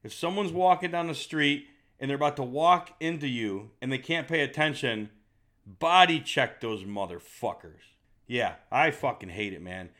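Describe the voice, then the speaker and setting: A man's voice: medium pitch, moderate pace, sharp tone. A blunt, heated man ranting with heavy swearing. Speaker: fitness vlogger. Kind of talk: profane rant to camera.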